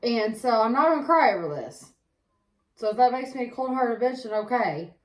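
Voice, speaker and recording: A woman with a somewhat high voice tells stories bluntly and swears freely in relaxed chat. Her voice rings around an echoey room. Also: normal speed. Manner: blunt, profane storytelling. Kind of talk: casual chat.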